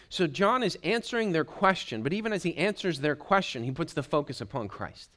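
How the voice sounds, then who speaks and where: Emphatic man preaching a sermon, fairly high voice. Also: lively intonation, a little fast, few pauses. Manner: emphatic, rising to forceful declarations. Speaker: pastor. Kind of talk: expository sermon.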